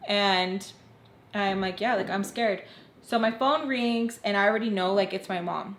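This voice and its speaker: A woman's voice: medium pitch, normal speed, echoey room. A young woman casually telling a personal story to her viewers, full of fillers and acted-out quotes. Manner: chatty, heavy use of "like", acts out quoted voices.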